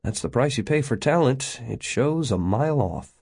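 A man's voice: mid-range voice, animated, moderate pace, gravelly, a little mellow, husky. A man reading an audiobook, voicing a wry male coworker.

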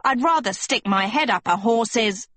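A woman's voice: on the high side, animated, measured pace, a bit bright, pitched above the performer's own voice. A woman voicing a scornful young witch girl who screeches and mocks. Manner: screeching, mocking.

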